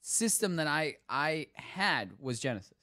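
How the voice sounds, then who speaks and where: A man's voice: on the high side, a little slow, no echo, studio quality. A man from Northern Virginia hosting a pop culture podcast, chatting casually and telling stories. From Northern Virginia, USA. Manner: animated, storytelling. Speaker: host.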